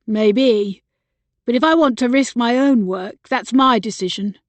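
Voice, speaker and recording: A woman reading an audiobook, putting on a troubled young brother full of resentment. He pushes his point hard and loudly, pitched a little high. The recording is dry and close. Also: measured pace, no room sound, lightly acted. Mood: insistent. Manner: insistent, raising his voice. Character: bitter agitated young man, troubled brother. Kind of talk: audiobook character voice.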